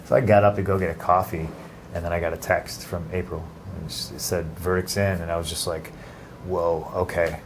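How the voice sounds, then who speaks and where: A man giving an interview in a casual, halting way, with many restarts and fillers. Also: low-pitched, little pitch movement, noisy background. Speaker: interview guest.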